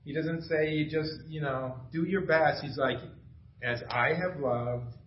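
A man's voice: fairly high pitch, measured pace, a little hiss or hum. A middle-aged man preaching an informal, conversational sermon, self-deprecating and asking the room questions. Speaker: pastor. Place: small church room. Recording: echoey room from far off, dull sound.

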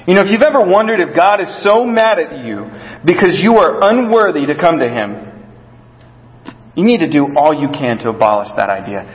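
A young adult male pastor preaching a conversational sermon, often dropping to a soft, gentle voice. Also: on the high side, lively intonation, fairly quick. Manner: conversational, drops to soft gentle tones when quoting God. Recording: echoey hall, dull lo-fi sound.

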